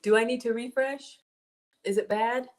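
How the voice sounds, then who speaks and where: A woman's voice: on the high side, steady tone, moderate pace, noisy background. A woman with a Southern US accent, chatting casually with her viewers as a home cook livestreamer. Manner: chatty, addresses viewers as y'all.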